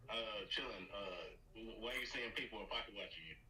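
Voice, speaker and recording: A man's voice: fairly low pitch, fast talker, pushed and bright. A man calling into a live show, hesitant and stammering, with a Los Angeles accent. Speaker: caller. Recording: distant call-in audio.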